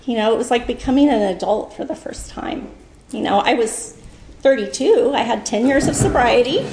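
Woman, fifties, talking at a recovery meeting; gravelly, slightly higher voice, rambling and filler-heavy, in a reverberant room. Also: normal speed, background noise. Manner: rambling, many fillers, laughs through emotion. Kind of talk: personal share at a meeting. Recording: echoey room.

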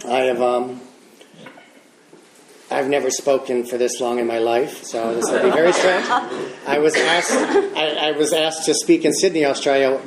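At a recovery meeting in a large, echoey room full of background noise and a loud crowd, a Michigan man in his fifties with an American accent gives his personal testimony. His mid-range voice stays steady at a moderate pace as he chuckles and pokes fun at himself.

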